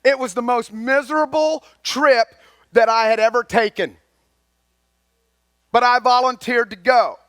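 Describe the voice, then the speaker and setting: High-voiced man preaching folksy sermon. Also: a little slow, pauses often, smooth, no echo, clean studio sound. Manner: folksy, conversational preaching that swings between loud and quiet. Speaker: lay speaker at a chapel.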